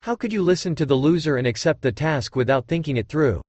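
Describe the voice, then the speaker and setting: A man's voice: fairly high pitch, animated, quick pace, a little mellow, no room sound. A man voicing a scornful middle-aged mother in an audiobook, speaking in a scolding tone.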